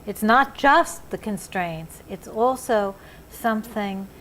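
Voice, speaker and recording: A woman's voice: medium pitch, slow, a bit bright, a little hiss or hum. Earnest woman interviewer searching for words. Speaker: interviewer, therapist. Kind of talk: reflective interview conversation.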